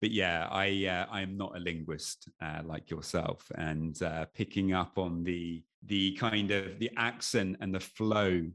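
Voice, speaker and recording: A man's voice: low voice, fairly even intonation, measured pace, few pauses, a bit bright. A middle-aged English man with an English accent, a podcast guest talking casually with many restarts and fillers. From England. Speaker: podcast guest, anxiety coach. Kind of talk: casual conversation.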